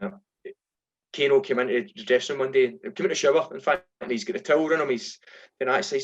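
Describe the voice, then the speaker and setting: A middle-aged Scottish man, a former footballer, telling lively anecdotes in a casual interview and acting out voices when he quotes people. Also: medium pitch, fast talker, highs cut off, soft background music. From Scotland. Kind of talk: casual storytelling.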